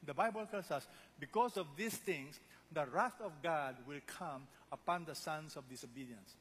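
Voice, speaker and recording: Emphatic preacher in a reverberant hall. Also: male voice, normal speed, husky. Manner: emphatic, swings from loud exhortation to low intensity. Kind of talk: sermon. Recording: long hall reverb, faint noise.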